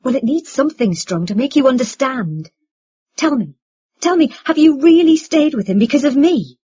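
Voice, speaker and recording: A woman's voice: a little high, big pitch swings, unhurried, mellow, breathy edge, no echo, full character voice. Woman voicing an urgent eighteen-year-old son. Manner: urgent, pleading, insistent. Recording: dull lo-fi recording.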